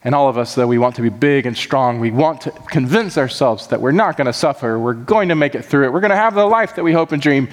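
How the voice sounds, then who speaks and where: A man's voice: mid-range voice, lively intonation, quick pace, hardly any pauses, in a large hall. A man who is a pastor, preaching a sermon with impassioned, repetitive emphasis that keeps building.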